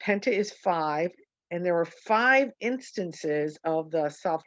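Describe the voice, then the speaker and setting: A woman teaches a poetry lesson over a video call, wandering through her points and correcting herself as she goes. Her voice sits a little low. The call audio is dull and dry, with no room sound. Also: expressive, slow, dry recording. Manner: rambling, self-correcting, many ums.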